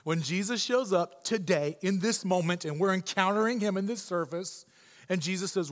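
A man with a high voice preaches a lively, joking sermon in church. His talk is chatty and animated, and the sound carries the long reverb of a large hall. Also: moderate pace. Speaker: pastor.

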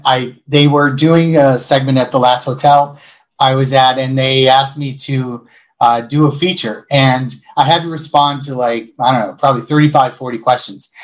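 Interview guest, male, from Buffalo, animated storyteller, conversational. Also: mid-range voice, poor audio. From Buffalo, New York. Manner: animated storyteller who acts out quoted voices. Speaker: interview guest, hospitality leader.

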